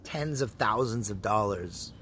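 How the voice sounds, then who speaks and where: Canadian man, young adult, profane casual rant, bright tone, lively swings in pitch, faint background noise. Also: unhurried. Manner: swearing, rambling, laughing to himself. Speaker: vlogger. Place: indoors, public place with other people around.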